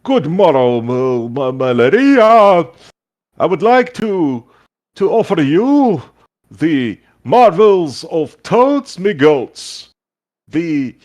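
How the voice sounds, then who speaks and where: A man's voice: on the high side, very animated, slow pace, darkish tone, voice pushed up. A man voicing a purple male gelatinous goo shopkeeper who talks with courtly, fumbling politeness.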